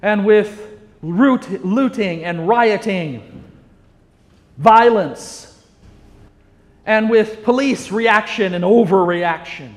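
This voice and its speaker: A man with a high voice preaches a sermon, earnest and emphatic, building his points through repetition. His voice rings out with a long reverb that fills a large hall. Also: extremely slow, pauses often.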